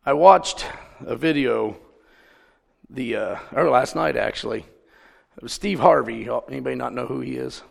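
In a large hall, a male preacher delivers a chatty sermon full of stories and questions for the congregation. His mid-range voice carries vocal fry, moves at a moderate pace, and leaves long pauses.

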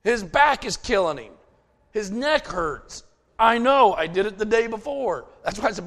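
Middle-aged guy preaching, high voice that swings all over, folksy stories, big reverb hall. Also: big pitch swings, normal speed, fairly bright tone. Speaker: pastor. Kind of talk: sermon.

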